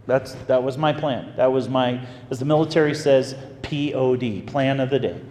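A man preaching as a pastor, telling a story in an animated, folksy way. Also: medium pitch, moderate pace, a little hiss or hum. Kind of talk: storytelling sermon. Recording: echoey hall with faint ambience.

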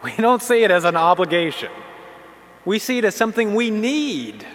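A fairly high-voiced man gives a humorous sermon, moving from lively storytelling to earnest teaching. His voice rings out with a long reverb from the large hall around him. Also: moderate pace. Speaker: Catholic preacher.

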